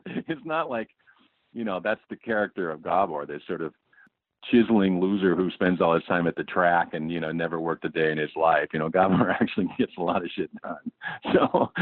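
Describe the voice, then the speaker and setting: Low-voiced man on a tinny line. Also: dry recording. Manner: casual, rambling, swearing freely. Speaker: interviewee. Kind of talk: oral-history interview recollection. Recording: dry, tinny phone line.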